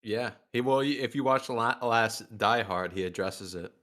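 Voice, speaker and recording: A man's voice: medium pitch, moderate pace, fairly bright tone. A male co-host in casual comedic banter who stammers, repeats words and laughs often.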